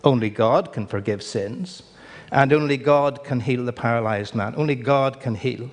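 A man preaching a sermon, telling the story with dramatic pauses and wry humour. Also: medium pitch. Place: church. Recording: long church reverb.

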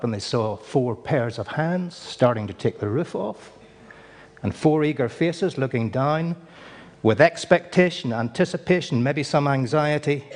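A man preaching a sermon, telling the story with dramatic pauses and wry humour. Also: medium pitch, darkish tone. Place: church. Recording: long church reverb.

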